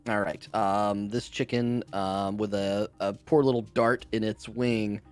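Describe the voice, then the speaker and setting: A man running a tabletop game as game master, narrating in a relaxed way with many fillers. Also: fairly low pitch, unhurried, smooth, faint music behind. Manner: relaxed, with fillers and short acknowledgements.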